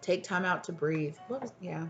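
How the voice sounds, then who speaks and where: Faint music plays behind a woman reading tarot for her viewers, her lowered voice soft and soothing yet lively in intonation. She speaks to them with affection and checks in on them often.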